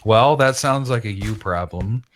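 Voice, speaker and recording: A man's voice: fairly low pitch, a little slow. A young man co-hosting a casual gaming podcast, bantering and teasing his friends. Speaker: podcast co-host. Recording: music playing underneath.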